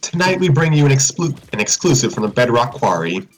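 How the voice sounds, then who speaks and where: A man's voice: mid-range voice, very animated, a little fast, faint music behind, close to an everyday voice, poor audio. A man voicing a female TV news reporter with a newsreader delivery. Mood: formal.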